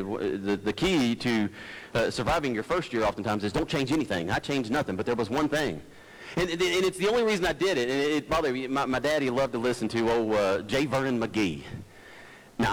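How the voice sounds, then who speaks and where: Male pastor, chatty sermon, low-key folksy delivery, headset mic close to the mouth. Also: rough recording. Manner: low-talking, folksy, digressive, stumbles and restarts. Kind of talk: conversational sermon.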